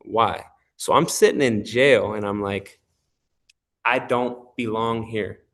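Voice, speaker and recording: Slow and somewhat low-voiced, a man gives his faith testimony in a relaxed interview as the guest. He's animated, laughs a lot, and acts out the voices of the people he describes.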